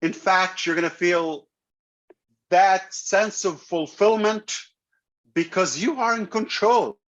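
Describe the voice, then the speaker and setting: A man hosting a live online meeting, pitching a product with emphatic, repeated phrases. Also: slow, fairly bright tone. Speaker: company leader hosting a live web meeting. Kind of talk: enthusiastic pitch to an online audience. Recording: dull lo-fi web call audio.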